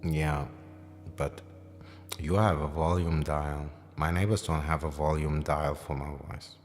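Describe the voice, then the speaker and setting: A man with an extremely deep, low voice gives a relaxed livestream piano lesson from home late at night, wandering through his thoughts with plenty of fillers. His voice rings with a long reverb, and a piano plays clearly behind him. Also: a little slow. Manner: rambling, thinking aloud with many fillers; self-described as loud when excited. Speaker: piano teacher streaming live. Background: piano playing.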